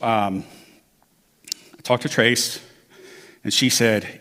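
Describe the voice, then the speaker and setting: Casting note: American man sharing his testimony from the front of a church, in a mid-range voice, relaxed and storytelling, with a long church reverb. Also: mid-range voice, takes it slowly. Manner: conversational storytelling, acts out quoted dialogue. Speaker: church member giving testimony. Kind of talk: personal testimony to a congregation. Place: church sanctuary.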